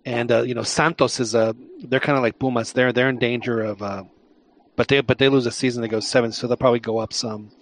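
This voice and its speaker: Halting man analyzing soccer standings. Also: medium pitch, fairly even intonation. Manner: halting, repeats words, analytical. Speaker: podcast co-host. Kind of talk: casual sports chat.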